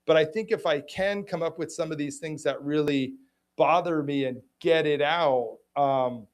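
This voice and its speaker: A middle-aged man hosting a personal conversation, speaking haltingly with many restarts. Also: fairly high pitch. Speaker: host.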